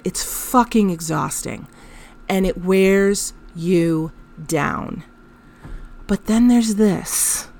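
A woman's voice: mid-range voice, darkish tone. A woman hosting a podcast, telling a personal story in a candid, emotional way, with frank swearing and laughter through her telling. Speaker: podcast host.

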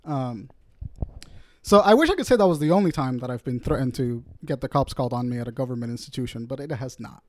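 A man casually telling a profane, animated story on a podcast chat. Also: mid-range voice, fast, no room sound.

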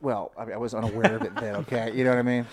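A man's voice: mid-range voice, racing. A man hosting a podcast, telling stories in casual chat and acting out his own past lines. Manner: animated, mimics himself in anecdotes. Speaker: podcast host.

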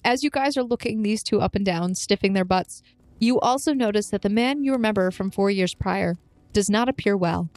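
A woman's voice: medium pitch, fairly quick, a little mellow, no room sound. A woman narrating as game master in a playful, often laughing way.

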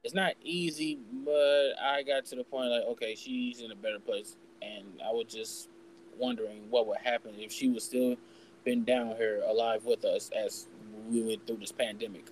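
A man's voice: mid-range voice, steady tone, normal speed, a little hiss or hum, rough recording. A young man in casual podcast chat, telling a personal story candidly, swearing freely and acting out what people said. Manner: candid, swears freely, acts out quoted voices. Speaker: podcast host.

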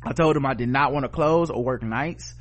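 A man's voice: medium pitch, fairly quick. A middle-aged man co-hosting a podcast, telling a story in casual chat with blunt, profane language and acted-out quotes. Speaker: podcast co-host.

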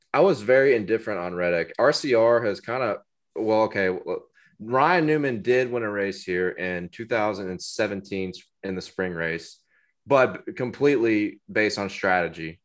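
A man co-hosting a racing and betting podcast, chatting loosely with frequent fillers and restarts. His voice sits fairly low. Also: lively intonation, unhurried. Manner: rambling, filler-heavy. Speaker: podcast co-host, sports bettor. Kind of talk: casual sports betting chat.

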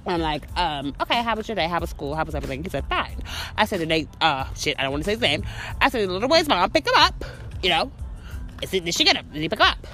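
Podcast host, woman, profane heated rant, low voice with big swings, faint music under. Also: fast. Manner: profane, heated, animated storytelling. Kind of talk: ranting monologue.

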